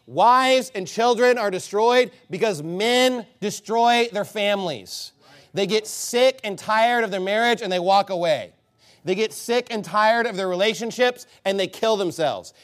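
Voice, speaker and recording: A pastor preaches a blunt, scolding sermon, swinging between loud emphasis and low asides.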